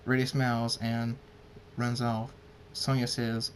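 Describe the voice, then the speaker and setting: A man reading his fan fiction aloud, halting with frequent slips and restarts. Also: mid-range voice, monotone, slight background noise.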